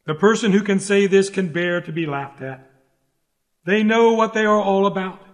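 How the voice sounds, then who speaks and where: A man with a high-pitched voice delivers a sermon in an earnest, emphatic manner, returning again and again to direct appeals to his listeners. His voice trails off into a long reverb, as if he were speaking in a large hall. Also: normal speed. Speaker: preacher. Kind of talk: sermon read aloud.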